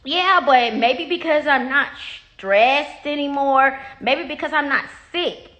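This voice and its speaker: High-voiced woman, blunt and profane. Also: slow pace, sharp tone. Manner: blunt, profane, repeats herself when riled. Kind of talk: casual talk straight to followers. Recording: echoey room.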